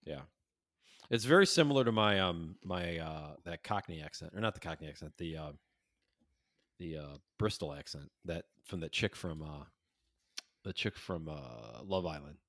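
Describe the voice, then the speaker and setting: A man's voice: a bass voice, animated, normal speed, fairly bright tone, no room sound, clean studio sound. A man co-hosting a podcast in casual chat, swearing freely, laughing often and trailing off mid-thought. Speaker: podcast co-host.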